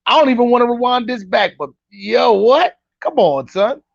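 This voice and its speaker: Animated high-voiced man reacting to clips. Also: normal speed, creaky, lo-fi sound. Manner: animated, incredulous, talks straight to chat. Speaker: commentary host reacting to clips. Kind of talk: casual reaction commentary.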